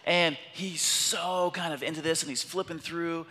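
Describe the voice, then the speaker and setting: A man preaching a sermon, telling a family story in an animated way and acting out the quotes of the people in it. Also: a little high, normal speed, big-room sound, a little hiss or hum. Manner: animated, acts out quotes of his son.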